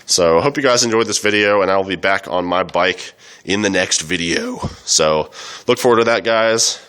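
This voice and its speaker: A man's voice: sits low, normal speed, sharp tone, clear, resonant tone. A young man commenting casually on a video, rambling with many fillers, coughing and a little unwell. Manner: rambling, loose, full of fillers. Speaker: vlogger.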